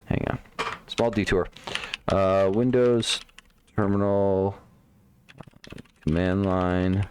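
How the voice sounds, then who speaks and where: Male live-coder, unhurried and low-pitched, mumbles and repeats himself as he works through a bug. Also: flat delivery, a little mellow, a little hiss or hum. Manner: muttering to himself, trailing off, repeating words. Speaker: live-streaming programmer. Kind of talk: thinking aloud while debugging code.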